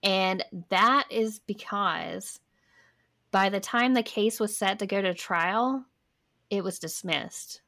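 A woman's voice: mid-range voice, takes it slowly, sharp tone. A young woman co-hosting a podcast, reading history notes aloud in a casual way and stopping for wry asides. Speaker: podcast co-host.

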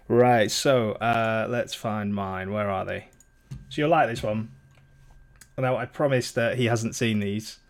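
A man's voice: on the low side, slow pace, pauses often. Man, podcast co-host, casual chat, sweary, rambling, home mic. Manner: sweary, rambling, laughs often.

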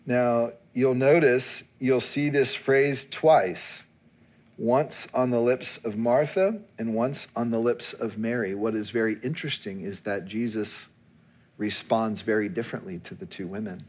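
A man preaching a sermon, dropping to quiet and then rising to emphatic peaks. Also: medium pitch, normal speed. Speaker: pastor.

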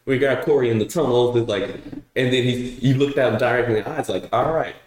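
A man co-hosting a podcast in a relaxed, halting way, stopping and restarting as he thinks aloud. His voice sits in a middle pitch. The room adds a clear echo. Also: a little hiss or hum. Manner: halting, many uh fillers and restarts, laid-back. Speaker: podcast co-host. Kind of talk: casual podcast chat. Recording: roomy echo.

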